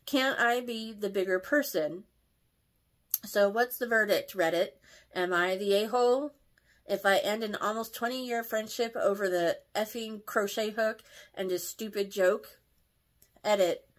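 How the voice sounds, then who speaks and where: A woman's voice: mid-range voice, unhurried. A woman reading online posts and comments aloud, reacting emotionally, often stumbling and correcting her words.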